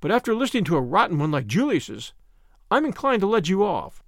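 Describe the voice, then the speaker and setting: A man's voice: sits high, very animated, fairly quick, no room sound, studio quality. A man voicing an earnest young man who talks in a blunt, bossy and at times sarcastic way. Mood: fond.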